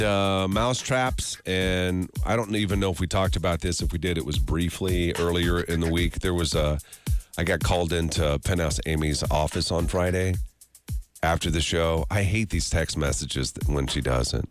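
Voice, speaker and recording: A man's voice: deep voice, moderate pace, faint music behind. A man hosting a morning radio show, telling stories and joking in casual banter. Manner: storytelling, animated and joking. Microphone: studio microphone.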